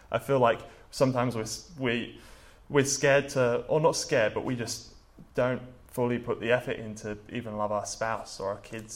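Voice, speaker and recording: A young man from England preaches in a relaxed, conversational way, scattering fillers through his stories. His voice has a gravelly edge, sitting at a middle pitch. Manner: chatty, many "like" and "um" fillers, storytelling. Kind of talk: casual sermon talk.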